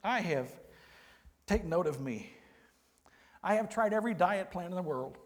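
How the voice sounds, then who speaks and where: A man, preaching a sermon with folksy, humorous storytelling and quiet, earnest emphasis. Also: high-pitched, animated, moderate pace. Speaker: pastor. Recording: long hall reverb.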